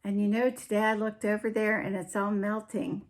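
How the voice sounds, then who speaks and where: A woman hosting a casual crafting show-and-tell, chatty and unhurried, often trailing off and picking up her sentences again. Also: medium pitch, level tone. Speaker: podcast host.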